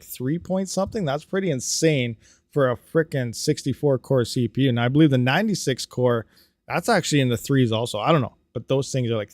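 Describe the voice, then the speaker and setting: A man hosting a casual livestream, ranting about hardware and reading out viewer comments, animated and quick to get riled up. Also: medium pitch, dry recording. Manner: animated, ranting, talks fast then trails off quietly. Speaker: crypto mining livestream host.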